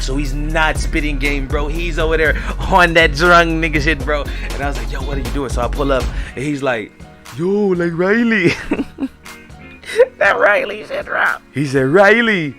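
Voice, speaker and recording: A young man telling a wild party story in slangy, excitable story-time style, acting out the quoted lines. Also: medium pitch.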